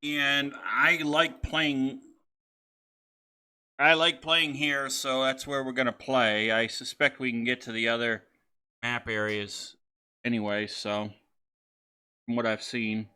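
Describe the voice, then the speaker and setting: A man's voice: mid-range voice, flat delivery, slow pace, pauses often, bright, forceful tone, clean tone. A man hosting a let's-play video, talking casually and rambling with lots of fillers and restarts as he sets up a game. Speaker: gaming channel host.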